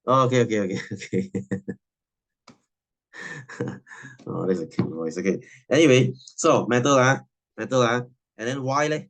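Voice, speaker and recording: A man's voice: mid-range voice, moderate pace, pauses often. A man, teaching a science class in a chatty, teasing way and laughing often. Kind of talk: classroom lesson.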